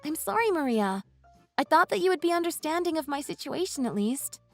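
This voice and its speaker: A woman voicing an ex-wife in a text-message story, calm, apologetic and firm. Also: high voice, a little fast, dry recording, soft background music.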